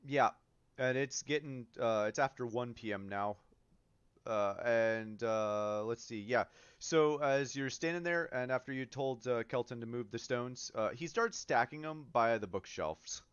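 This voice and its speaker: A man narrating as game master of a tabletop game, relaxed and full of ums and uhs. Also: mid-range voice, unhurried, clean tone, no room sound. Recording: dull lo-fi mic, dry.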